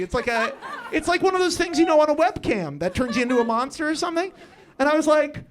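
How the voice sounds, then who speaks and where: A man's voice: extremely high pitch, expressive, fairly quick. A young man telling a personal story at a live storytelling show, often laughing through his lines and acting out his own thoughts.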